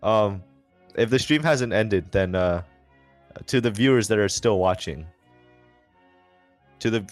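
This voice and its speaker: Low-voiced young man joking on stream. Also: unhurried, no room sound, faint music behind. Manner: rambling, joking, many fillers and restarts. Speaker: race commentator and post-race interviewer. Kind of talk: casual livestream commentary.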